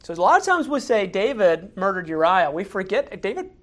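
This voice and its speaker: A man's voice: high voice, very animated, a little fast, a bit bright. Male pastor, casual sermon delivery, chatty storyteller with frequent fillers and restarts. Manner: conversational, acts out quotes in raised voices, many fillers.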